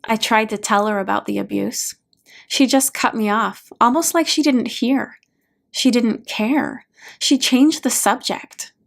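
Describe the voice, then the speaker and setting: A woman's voice: a little high, unhurried, creaky. A woman voicing a hurt, angry adult man who is pouring out a raw, pleading accusation to his mother. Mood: resentful. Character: hurt, angry adult male therapy client.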